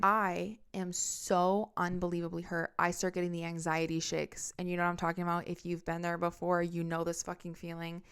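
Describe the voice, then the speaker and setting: Woman, young adult, low pitch, smooth clear voice, podcast host, storytime monologue, candid, intense, profane. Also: completely flat delivery, normal speed, few pauses, a bit bright.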